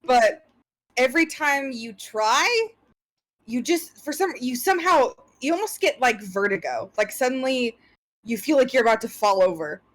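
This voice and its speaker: A woman's voice: high voice, animated, moderate pace. A woman narrating as game master of a tabletop game, describing scenes in a rambling, searching way.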